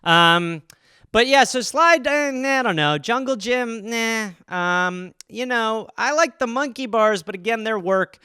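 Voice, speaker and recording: A man riffs alone on a comedy podcast, rambling and profane, tossing in quick silly voices. His voice sits high and sounds bright and forward. The sound is dry and close. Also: clear, resonant tone, no room sound. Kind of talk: solo comedic riffing on listener topics.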